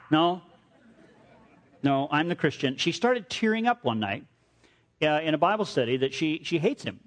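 A male preacher delivering a sermon in an animated storytelling manner, often repeating phrases for emphasis. His speaking voice sits somewhat high for a man.

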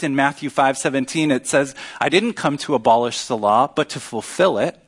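A man preaching a sermon as pastor, earnest and teaching, with emphatic pauses. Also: fairly high pitch, fairly bright tone.

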